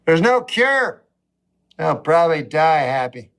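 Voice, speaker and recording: Deadpan rambling comedian, high voice. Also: male voice, vocal fry. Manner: deadpan, halting, full of fillers and asides. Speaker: comedian, talk show guest. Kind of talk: rambling anecdotal storytelling.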